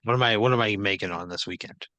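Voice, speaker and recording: A man's voice: on the low side, quick pace, sharp tone, dry recording. A man playing along in an improvised comedy podcast, answering bluntly and swearing a lot. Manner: blunt, swearing, exasperated replies.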